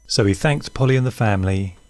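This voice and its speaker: A man reading a children's story aloud in an expressive way. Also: on the low side, brisk. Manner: warm, expressive read-aloud.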